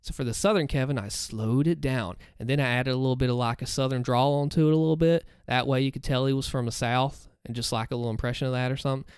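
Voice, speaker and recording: A man's voice: mid-range voice, steady tone, fast talker, few pauses, clean tone, no room sound, clean studio sound. A man in his thirties hosting a livestream, chatting casually and upbeat with his viewers. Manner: upbeat, chatty, talks to chat. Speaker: livestream host and story narrator.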